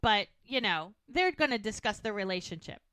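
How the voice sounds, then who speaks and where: Woman podcast host, bright tense voice, dry close sound, chatty recap acting out lines. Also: medium pitch, clear, resonant tone, no room sound. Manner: animated retelling, acting out lines in quick quotes. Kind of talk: casual recap chat.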